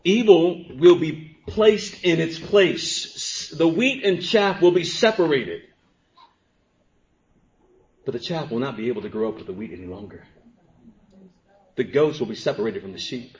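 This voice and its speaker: A man preaching a sermon as pastor, dropping to quiet, drawn-out phrases and then rising to emphatic exclamations. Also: on the high side. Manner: swings from hushed to emphatic, with stretched pauses. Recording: dull lo-fi sermon recording.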